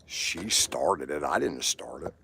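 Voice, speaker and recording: Crude Southern man hosting a live stream, lively pitch, rambling storyteller. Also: takes it slowly, creaky, very noisy. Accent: Southern American. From Southern United States. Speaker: livestream host.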